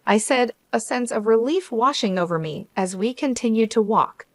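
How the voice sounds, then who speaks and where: A woman reading a first-person story as the narrator, in an even, measured way. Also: on the high side, no room sound.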